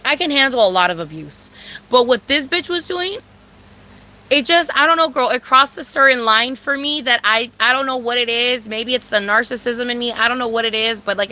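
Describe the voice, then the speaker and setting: A woman with a fairly high voice delivers a storytime rant in casual, blunt and profane language, repeating herself for emphasis and using lots of fillers. She's animated, with sudden loud outbursts, and the poor audio carries slight background noise.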